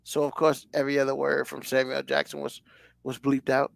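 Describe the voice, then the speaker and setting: Gravelly man chatting loosely. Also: mid-range voice, completely flat delivery, a little fast, no echo. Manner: rambling, loose, lots of fillers. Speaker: podcast co-host. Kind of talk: casual chat.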